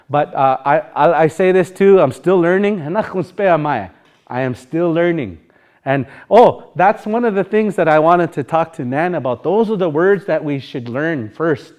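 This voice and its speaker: A man's voice: fairly high pitch, darkish tone, muffled recording. A man with a Sioux Valley Dakota accent teaching a live language class, talking informally and rambling, singing phrases to show how they should sound.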